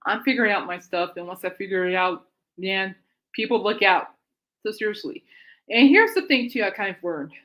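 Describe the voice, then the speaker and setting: A woman's voice: medium pitch, moderate pace, sharp tone. A woman hosting her own music chat show, rambling in a casual monologue and often laughing and getting sidetracked. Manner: chatty, self-deprecating, easily sidetracked.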